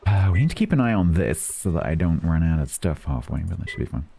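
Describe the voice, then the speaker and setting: A man's voice: low-pitched, very animated, fast talker, vocal fry, warm tone, a little hiss or hum. A man streaming a role-play game, chatting casually and mumbling to himself with playful asides.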